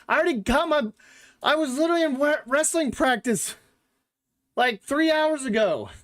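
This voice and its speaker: Sports podcast host, male, higher voice, loose filler-heavy chat with blunt takes. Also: a bit bright. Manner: rambling, filler-heavy talk with frequent "like" and "literally"; blunt, joking opinions.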